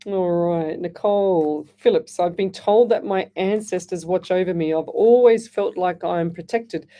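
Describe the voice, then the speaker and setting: A woman's voice: on the low side, measured pace, mellow. A middle-aged Australian woman hosting a live radio psychic show. She reads out listener messages and answers them in a chatty, rambling way, often restarting her sentences and calling people "lovey.". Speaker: psychic medium radio host.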